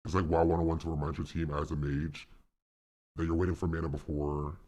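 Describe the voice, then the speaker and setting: A man doing a deep-voiced impression of a male streamer, slow, booming and mock-serious. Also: level tone, a little mellow. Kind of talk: live stream reaction.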